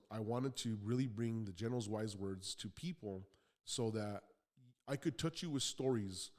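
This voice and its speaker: A man hosting a motivational podcast. He talks in a blunt, conversational way and swears now and then. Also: mid-range voice. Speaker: podcast host.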